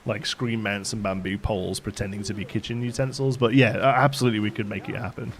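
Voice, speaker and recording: He's an English live-stream host with a hint of Liverpool in his accent, laughing often through digressive, casual chat as he builds in a game. A fast talker, he has a lowish voice and fairly even intonation, with faint background music.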